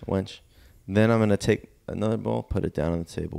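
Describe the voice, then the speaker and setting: Gravelly-voiced man telling a wild story. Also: lowish voice, a little fast, darkish tone. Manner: spins an escalating, exaggerated revenge tale. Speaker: podcast co-host. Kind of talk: casual comedic storytelling.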